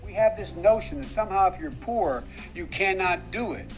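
Older man, politician, halting speech with many restarts, slightly higher pitch. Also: soft background music. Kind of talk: campaign speech.

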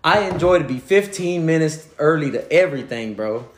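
A man co-hosting a loose conversation, spinning stories and acting out other people's lines with a laugh in his voice. His voice sits a little high. The room around him rings with echo. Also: moderate pace. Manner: animated, acts out quotes, laughs often. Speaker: podcast co-host. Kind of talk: casual storytelling chat. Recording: echoey room.

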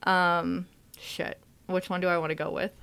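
A woman's voice: fairly low pitch, flat delivery, moderate pace, fairly bright tone, clean tone. A young woman chatting playfully on a video call, teasing her friend during a movie-quote guessing game. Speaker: game player. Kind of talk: casual chat.

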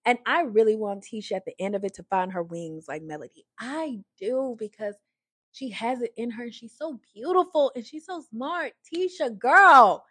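This reality TV commentator has a slightly high, animated voice with a breathy edge and talks at normal speed through a casual, chatty, opinionated recap of a reality show. She often says "like," restarts her thoughts, and voices the people she discusses in raised tones. The sound is clean studio quality with no room sound.

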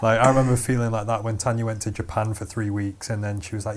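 A man's voice: fairly low pitch, level tone, fast. A young man in casual chat, laid-back and rambling into tangents.

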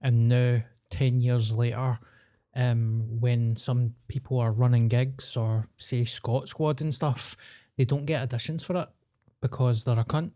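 Blunt, sweary Scottish comedian host. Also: male voice, mid-range voice, flat delivery, unhurried, warm tone. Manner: blunt, sweary, laughs easily. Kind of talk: casual podcast chat.

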